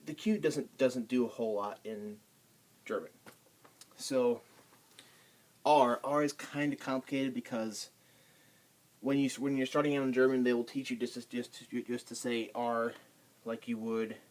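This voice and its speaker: Slow, halting man teaching pronunciation. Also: mid-range voice. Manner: halting, many ums and restarts. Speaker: language tutor. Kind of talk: casual pronunciation lesson.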